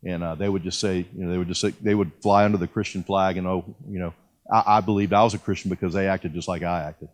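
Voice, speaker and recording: A man's voice: sits low, steady tone, fast. A man in his fifties preaching a sermon and telling his personal testimony in a folksy, self-deprecating way, with frequent restarts. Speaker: pastor.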